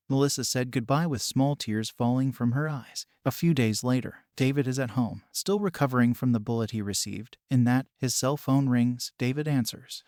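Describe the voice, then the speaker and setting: A man giving a scripted narration of a fan story in an even, steady reading. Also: medium pitch, brisk, few pauses, no room sound, clean studio sound.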